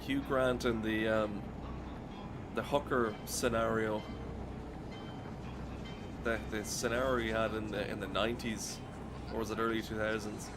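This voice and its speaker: A man's voice: lowish voice, flat delivery, measured pace, pauses often, over music. An Irish man streaming a driving game at home, ranting in a rambling, profane way. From Ireland. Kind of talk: casual gameplay commentary.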